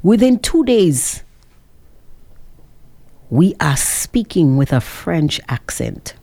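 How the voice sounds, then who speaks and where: A woman's voice: fairly low pitch, big pitch swings, takes it slowly, dark tone. A woman from Saint Lucia with a Saint Lucian accent, delivering an opinionated monologue full of sarcastic rhetorical questions to her listeners. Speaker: social commentator.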